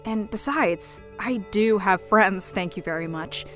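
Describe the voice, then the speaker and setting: A woman's voice: mid-range voice, a little slow, faint music behind, close to an everyday voice. A woman playing a firm young career woman. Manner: polite but firm, standing her ground.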